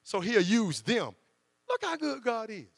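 High gravelly preacher man in a hall. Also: very animated, a little slow, clean studio sound. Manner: conversational preaching with dramatized quotes. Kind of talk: sermon. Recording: long hall reverb with mains hum.

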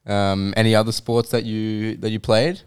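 A man's voice: fairly low pitch, little pitch movement, moderate pace, clear, resonant tone. A man co-hosting a podcast, chatting casually. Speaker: podcast co-host.

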